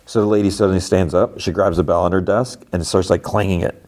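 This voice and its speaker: This podcast host speaks quickly in a low, steady voice with a slightly mellow quality. In a casual movie and TV recap, he wanders through an episode's events, leaning heavily on "like" and acting out quotes.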